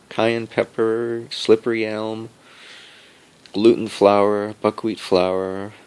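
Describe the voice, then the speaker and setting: A man giving a rambling personal monologue about his home cooking and health. He is halting and digressive, repeats himself often, and chuckles as he goes. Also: low-pitched. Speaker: home cook sharing health updates.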